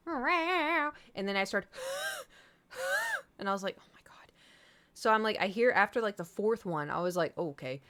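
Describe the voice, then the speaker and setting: A woman on a live stream talks straight to her chat in a loose, rambling way. Her voice sits at an ordinary middle pitch, and her speech is packed with fillers and frank curse words. She sounds candid and unpolished. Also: fairly bright tone. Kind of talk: casual storytelling to chat.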